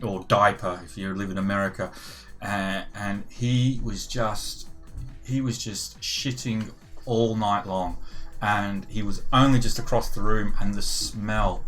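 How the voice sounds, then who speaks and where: A man's voice: fairly low pitch, pushed and bright. Older british man, casual livestream chat, rambling, swears a lot, faint music behind. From United Kingdom. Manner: rambling and profane, with frequent swearing and restarts. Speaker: gaming livestreamer.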